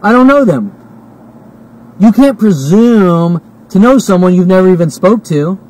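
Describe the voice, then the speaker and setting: A man's voice: high voice, lively intonation, a little slow, darkish tone, low-quality recording. A man in his forties ranting to camera in a heated, repetitive monologue, swearing often and hiccuping and burping as he talks. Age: 40s. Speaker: vlogger.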